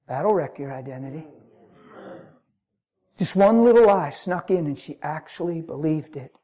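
Brief: passionate middle-aged male preacher, a bit high-pitched, who laughs easily and drops to a hush. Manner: passionate, swings from loud to hushed, laughs often. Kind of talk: sermon.

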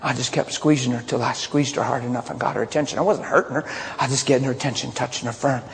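A man preaching a sermon as a pastor, telling stories in a blunt, animated way. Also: mid-range voice, fast, gravelly, a little hiss or hum. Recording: long hall reverb, faint ambience.

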